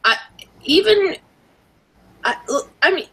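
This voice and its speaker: A young adult woman co-hosting a podcast, chatting casually with animated, opinionated asides. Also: very high-pitched, takes it slowly. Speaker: podcast co-host. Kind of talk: casual chat.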